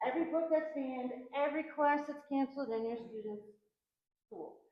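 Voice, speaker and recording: A woman with a high voice gives an earnest, heated speech to her neighbors, shaky with nerves as she urges them to act. Her words echo heavily around a large hall. The sound is dull and muffled. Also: moderate pace. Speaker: precinct organizer. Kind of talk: impassioned town hall speech. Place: community center hall.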